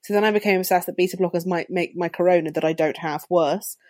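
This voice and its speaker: A woman's voice: fairly low pitch, steady tone, fast, a little mellow, no echo, clean studio sound. A woman author talking as a podcast guest, wry and self-mocking in a casual chat. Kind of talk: casual conversation.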